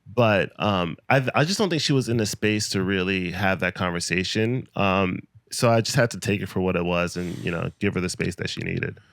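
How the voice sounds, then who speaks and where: A man's voice: low-pitched, moderate pace, creaky, few pauses, a bit bright, no room sound, studio quality. A man in his thirties, a comedian guest telling stories on a podcast in casual chat, laughing often as he talks.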